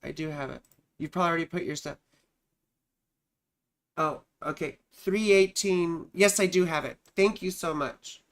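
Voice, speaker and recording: Hosting a live stream, a woman astrologer chats affectionately through viewers' chart readings, using terms like sweetheart and darling and thinking aloud as she searches. She speaks at a normal speed in a fairly low voice, pausing often.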